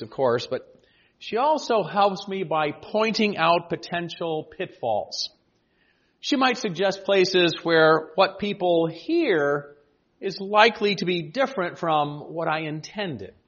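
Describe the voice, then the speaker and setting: An older male pastor in his sixties speaks to his congregation with a slightly raised pitch, measured and earnest, with dry touches of gentle humor. The sound is muffled and lo-fi, like an old church recording. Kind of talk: reading a prepared farewell address to a congregation.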